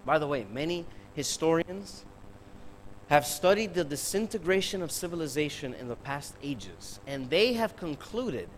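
Emphatic preacher asking rhetorical questions. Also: male voice, on the high side, big pitch swings, moderate pace, a little hiss or hum, low-quality recording. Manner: emphatic, full of rhetorical questions, addresses the congregation directly. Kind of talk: sermon.

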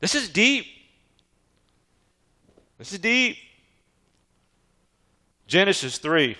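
A man's voice: sits high, very animated, drawn-out words, sharp tone. A man preaching a sermon, reading scripture and calling questions out to the congregation. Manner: emphatic preaching with call-and-response questions to the congregation. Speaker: pastor.

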